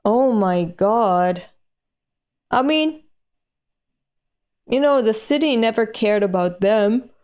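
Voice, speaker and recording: Slow-talking woman reacting with swears. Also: fairly high pitch, expressive, darkish tone. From Europe. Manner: swears freely, laughs, gasps and exclaims at the story. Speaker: manga reader reacting on camera. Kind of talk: reading aloud and reacting.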